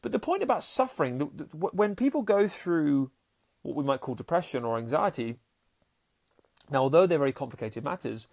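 A man who hosts a podcast and works as a happiness coach talks earnestly in a casual monologue, often repeating his words and acting out voices in his stories. His voice is a little high, animated and a little fast, with vocal fry and a darkish tone.

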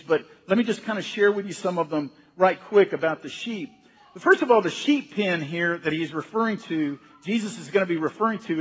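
A man with a high, husky voice delivers an emphatic Sunday sermon, repeating words to build each point. His voice echoes with a long reverb through a church sanctuary. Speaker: senior pastor.

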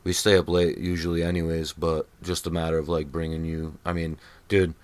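Deep-voiced New England podcast host. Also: male voice, little pitch movement, a little fast, a little mellow, dry recording. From Rhode Island. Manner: profane, joking banter. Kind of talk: casual chat.

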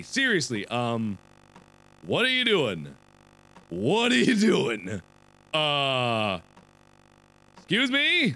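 A young man giving let's-play game commentary, swinging from muttered asides to panicked yelling. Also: fairly high pitch, huge pitch swings, very slow, pauses often. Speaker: gaming video host.

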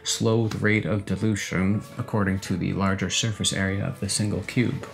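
A man co-hosting a comedic whisky review, talking in a mock-formal, deadpan pseudo-expert way. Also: on the low side, normal speed, vocal fry, faint music behind. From Canada. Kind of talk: mock-pompous banter.

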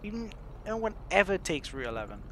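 A man chats through a roleplay game session, his voice slightly higher than most. He rambles, pokes fun at himself and laughs constantly, over a faint background hiss. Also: very animated, brisk, sharp tone. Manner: laughs often, rambling and self-deprecating. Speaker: roleplay streamer. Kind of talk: casual game roleplay chat.

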